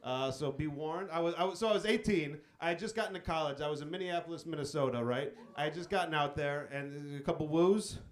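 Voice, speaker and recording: A young man doing a live stand-up set, telling a profane story and acting out quick quotes. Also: fairly high pitch. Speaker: stand-up comedian. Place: comedy club stage.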